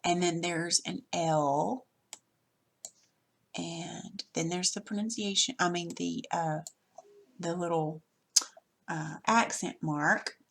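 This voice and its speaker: A woman's voice: on the low side, fairly even intonation, takes it slowly, creaky, long pauses, a bit bright. A woman teacher patiently walking through a worksheet lesson step by step, recorded over her screen.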